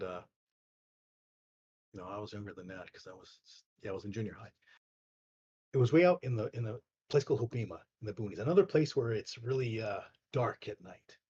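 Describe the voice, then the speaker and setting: A man's voice: mid-range voice, darkish tone. A man from Canada, a guest, telling a personal story in a loose, rambling way full of "like" and "you know". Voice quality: very husky. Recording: dull lo-fi online call audio.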